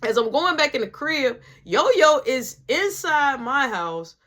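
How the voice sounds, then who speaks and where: A young man telling a casual story, animated and swearing freely as he acts out what everyone said. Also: very high voice, takes it slowly. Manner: animated, swearing, quoting others.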